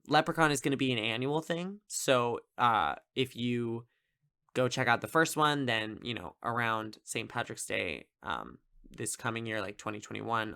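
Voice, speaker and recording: A man's voice: mid-range voice, vocal fry, pushed and bright, clear, resonant tone. A man hosting a podcast, reviewing a film in a casual, rambling way, full of fillers and amused asides. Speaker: podcast host. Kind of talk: casual solo movie review.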